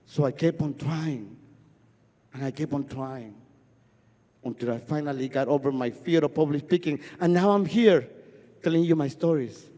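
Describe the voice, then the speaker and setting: On a festival stage, a Guatemalan man whose first language is Spanish tells a personal story in a high, mellow voice. He speaks at a moderate pace, stutters, and uses repetition to build rhythm, while a long hall reverb lingers after each line.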